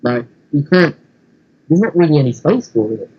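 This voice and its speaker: A man's voice: on the high side, sing-song, moderate pace, a little mellow, breathy edge, dull audio. A man from England with a London accent, laid-back and casually swearing in a chat. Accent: London English.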